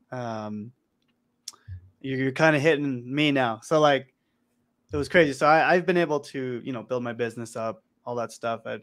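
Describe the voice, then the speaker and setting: A man hosting a casual chat, speaking haltingly with restarts. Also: medium pitch, smooth. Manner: halting, many restarts and fillers. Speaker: host.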